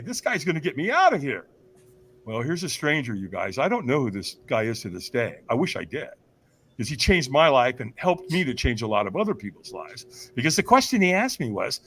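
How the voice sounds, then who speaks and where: A man's voice: sing-song, brisk, fairly bright tone, breathy edge. A man telling a personal story as a podcast guest, acting out other people's lines in jumps of voice and asking the listeners rhetorical questions. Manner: acts out voices of others with big pitch jumps, laughs often; addresses listeners as "you guys", asks rhetorical questions. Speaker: podcast guest, firewalk instructor. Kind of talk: animated storytelling.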